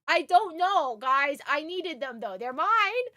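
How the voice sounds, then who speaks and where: Bright high-pitched excitable woman streamer. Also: measured pace, no echo, clean studio sound. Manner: chatty, excitable, greets viewers. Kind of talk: casual live-stream chat.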